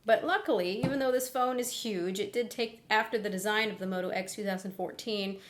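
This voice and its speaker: A young woman reviews a phone straight to camera in a chatty, candid way. Her voice is still a little worn as she gets over laryngitis. She sits at a middling pitch and talks like she's chatting with regular viewers. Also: fairly quick, slight background noise. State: recovering from laryngitis. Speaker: tech reviewer. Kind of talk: casual product review.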